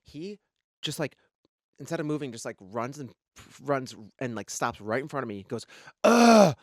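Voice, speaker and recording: A man co-hosting a podcast, telling stories in a casual chat with lively swearing. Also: mid-range voice, no echo, clean studio sound. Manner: rapid, animated storytelling with lots of swearing. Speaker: podcast co-host.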